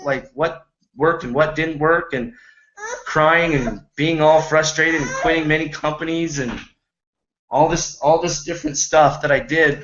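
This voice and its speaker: A man's voice: a little high, fairly bright tone, highs cut off, slight background noise. A man giving an earnest, rambling motivational talk about network marketing, often acting out the people he quotes.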